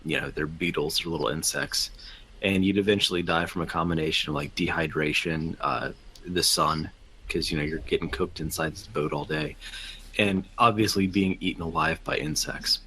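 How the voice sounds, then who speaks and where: Deep-voiced male podcast co-host, rambling casual explainer. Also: steady tone, normal speed, bright, forceful tone, a little hiss or hum. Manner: rambling explainer, hedging with likes and rights.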